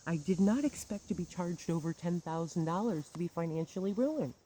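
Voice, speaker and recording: A woman's voice: lowish voice, expressive, fairly quick, mellow, a little hiss or hum, low-quality recording. A woman telling a personal grievance story in a bitter, sarcastic monologue with wry laughs. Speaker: churchgoer recounting grievances.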